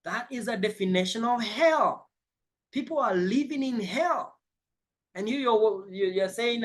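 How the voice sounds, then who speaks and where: A man's voice: sits high, expressive, measured pace. A man giving a motivational life coaching session, emphatic and spiritual, repeating his key phrases.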